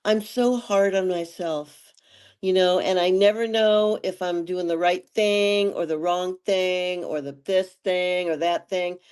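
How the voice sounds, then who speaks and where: An older woman from Detroit, a guest singer in a casual interview, speaks at an unhurried, slow pace. She gushes and giggles, circling back over the same words. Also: fairly low pitch, fairly even intonation, a little mellow, smooth. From Detroit, United States. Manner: gushing, repeats herself, giggly.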